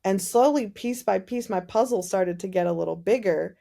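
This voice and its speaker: A woman guest on a podcast, telling her faith story in casual, animated conversation and acting out the dialogue. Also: mid-range voice, moderate pace, vocal fry. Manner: animated storytelling, many "like" fillers, acts out dialogue. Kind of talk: personal testimony in casual conversation.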